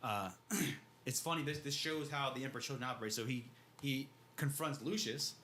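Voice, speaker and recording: A man's voice: mid-range voice, normal speed, bright, forceful tone, a little hiss or hum. A man co-hosting a podcast, casually retelling a book's scenes in loose, slangy talk and acting out the characters' lines. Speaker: podcast co-host. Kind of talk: casual book discussion.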